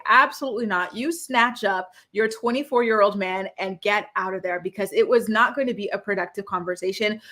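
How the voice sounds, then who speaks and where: Woman, casual recap host, opinionated, animated, acts out quotes. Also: mid-range voice, normal speed, few pauses. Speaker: reality show recap host.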